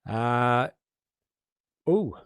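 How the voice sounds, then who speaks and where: A man's voice: mid-range voice, expressive, extremely slow, smooth, no echo. An Australian man commentating live darts in a casual, joking, chatty way. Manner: joking, chatty, self-deprecating.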